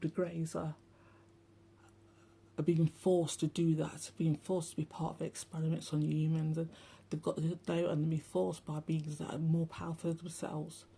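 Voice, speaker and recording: Gravelly, husky woman ranting bluntly. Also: low-pitched, level tone, moderate pace, mellow. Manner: rambling, blunt, sweary and sarcastic. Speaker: spiritual channel host. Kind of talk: casual spiritual monologue.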